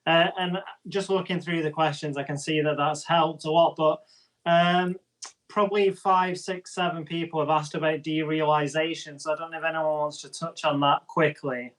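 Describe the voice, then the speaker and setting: Slightly high-voiced male host reading questions. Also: steady tone, normal speed, a bit bright, recorded from a distance, rough recording. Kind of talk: casual chat.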